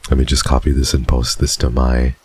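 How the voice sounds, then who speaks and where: A man's voice: extremely low pitch, monotone, fairly quick, darkish tone, slightly rough. A man streaming casually, reading viewer messages aloud in a playful, teasing way and laughing often.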